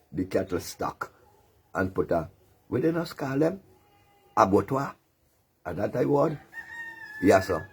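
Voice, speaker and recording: A man with a deep, low voice and a Caribbean creole accent hosts a commentary show. His tone is husky and a little rough. He taunts and lectures in a mocking, sermonizing way, laughing as he goes. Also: darkish tone.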